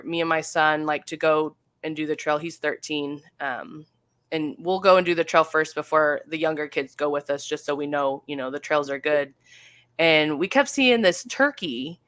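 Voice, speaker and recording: Woman, 30s, deep for her sex, chatty guest storyteller with many fillers; dry recording. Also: fairly bright tone, no echo. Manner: chatty, full of fillers and acted-out quotes. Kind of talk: casual storytelling.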